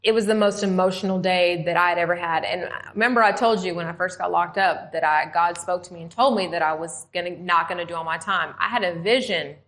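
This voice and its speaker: Animated woman telling her own story. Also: fairly low pitch, a little fast, few pauses. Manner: animated, acts out quoted voices. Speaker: interview guest, former prisoner. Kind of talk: conversational storytelling.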